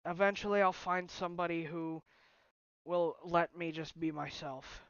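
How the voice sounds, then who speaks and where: A man's voice: a little high, steady tone, moderate pace, fairly bright tone, clear, resonant tone, dry recording, highs cut off. A young man talking to his viewers on a phone stream, upset and sighing, his voice close to breaking. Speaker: livestreamer. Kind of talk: emotional personal talk to viewers.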